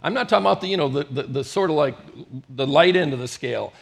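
A middle-aged male pastor preaching a storytelling sermon, swinging from loud bursts to hushed moments. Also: on the high side, quick pace, creaky.

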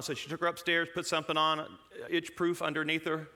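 A man speaking to a congregation, telling a personal story in an animated way, chuckling and breaking off his own sentences. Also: on the high side, fast talker.

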